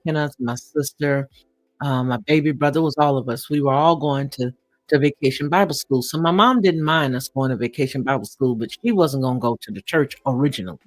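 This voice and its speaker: Give me a chuckling, reflective live-stream host with a dry, close sound and soft music behind. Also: mid-range voice, no echo. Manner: reflective, chuckling, filler-heavy. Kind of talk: personal storytelling on a live stream.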